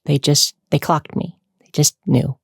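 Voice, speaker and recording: Creaky-voiced woman chatting to camera. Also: sits low, steady tone, a little slow, no room sound, clean studio sound. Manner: chatty, rambling, laughs between thoughts. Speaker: online creator answering fan questions. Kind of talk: casual Q&A chat to camera.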